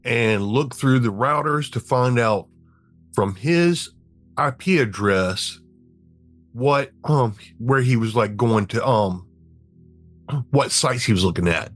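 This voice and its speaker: Jugador de rol, hombre titubeante. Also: male voice, medium pitch, lively intonation, faint music behind. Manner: hesitant, halting, clears throat. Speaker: player. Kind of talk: tabletop role-play.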